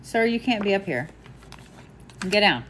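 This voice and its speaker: A woman's voice: mid-range voice, animated, a little slow, a bit bright, a little hiss or hum. A woman giving live psychic readings, casual and chatty, laughing and swearing now and then. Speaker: psychic medium.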